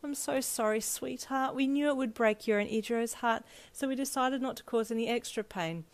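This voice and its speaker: A woman's voice: fairly high pitch, fairly quick, no echo, voice pushed up, lightly acted. A woman voicing an emotional, doting middle-aged mother in a read-aloud fan story, tearful and effusive.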